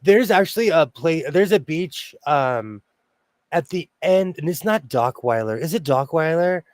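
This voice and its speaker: A man's voice: a little high, expressive, a little slow, no echo. A man hosting a casual sewing livestream, chatty and rambling, laughing often. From Los Angeles area. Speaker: host.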